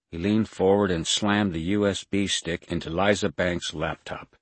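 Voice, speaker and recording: A man narrating a science fiction audiobook in a measured, steady storytelling manner. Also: low voice, slightly rough, dry recording. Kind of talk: scripted narration.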